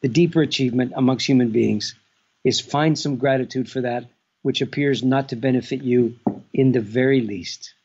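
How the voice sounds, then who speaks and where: A man speaks in a husky, breathy voice, turning each thought over slowly with drawn-out pauses. He answers from home over a dull, muffled call line that dulls the top end. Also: medium pitch, a little mellow. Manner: measured and contemplative, with stretched pauses. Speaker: guest author. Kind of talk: reflective interview answers.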